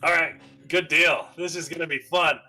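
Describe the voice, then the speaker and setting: A man's voice: fairly high pitch, fairly even intonation, moderate pace, sharp tone, faint music behind. A man narrating as game master, casual and rambling with lots of fillers.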